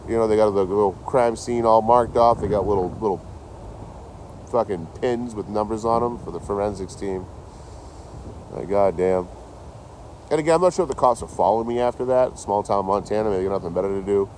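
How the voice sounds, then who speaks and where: Man, low voice, casual livestream chat, animated, profane, outdoor wind noise. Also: normal speed, pauses often, low-quality recording. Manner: animated, swears a lot, talks to chat by name.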